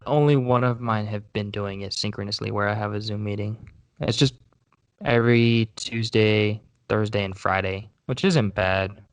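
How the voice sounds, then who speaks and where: A young man co-hosting a casual podcast, talking in a loose, rambling way with frequent restarts. His voice is smooth and resonant, recorded close and dry with no room echo. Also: lowish voice, steady tone, moderate pace. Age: young adult. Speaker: co-host.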